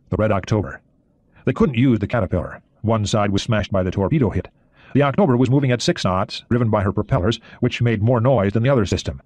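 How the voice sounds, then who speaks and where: A man reading an audiobook in a steady, expressive way. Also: fairly low pitch, quick pace, no room sound. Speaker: audiobook narrator. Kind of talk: audiobook narration.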